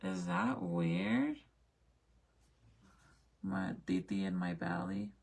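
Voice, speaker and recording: A woman's voice: extremely low pitch, sing-song, extremely slow, vocal fry, darkish tone. A young woman chatting casually with viewers as she looks back through old family photos, swearing now and then. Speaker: mom vlogger.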